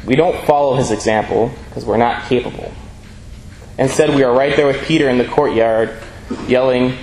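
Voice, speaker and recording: A man preaching a sermon in an earnest, measured way, reading scripture aloud between his points. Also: mid-range voice, fairly even intonation, a little mellow. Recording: echoey room with faint ambient noise.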